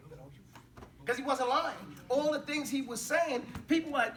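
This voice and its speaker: A man's voice: very high voice, lively intonation, fast, fairly bright tone, distant mic. A man teaching an Arabic class in a casual, chatty way. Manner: casual, mixes English and Arabic drills.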